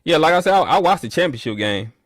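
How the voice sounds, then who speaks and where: A man hosting a casual livestream, reading the chat and trash-talking rival teams playfully, with loud animated bursts. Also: fairly high pitch, quick pace, dry recording, studio quality.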